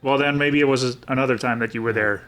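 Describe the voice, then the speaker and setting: A man's voice: mid-range voice, steady tone, fast, a bit bright. A man co-hosting a podcast, asking the guest questions in casual chat. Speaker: podcast co-host.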